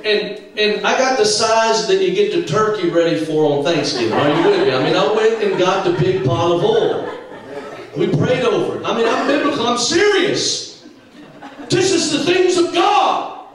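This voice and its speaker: Male evangelist, high voice, comic sermon storytelling with acted voices; distant mic in a boomy church. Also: moderate pace, a crowd in the background. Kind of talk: humorous preaching testimony. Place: church sanctuary. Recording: very echoey church from far off.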